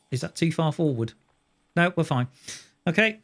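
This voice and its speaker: A man's voice: a little high, expressive, moderate pace, fairly bright tone. Rambling, joking man streaming a game. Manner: rambling, joking, talks to chat and himself. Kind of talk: casual live-stream chat.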